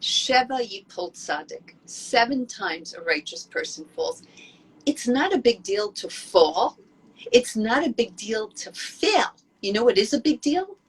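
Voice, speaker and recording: A woman speaking gives an inspirational talk, earnest and emphatic as she tells stories. Her voice sits a little high and has a soft, breathy edge. She delivers it with conviction. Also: wildly swooping pitch, measured pace. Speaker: Jewish women's speaker.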